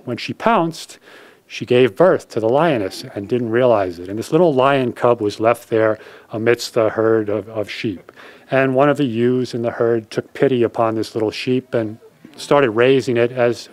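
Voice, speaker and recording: A man's voice: mid-range voice, no echo. A man giving a spiritual talk, telling a parable as an earnest storyteller who chuckles at his own tale. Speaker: spiritual speaker.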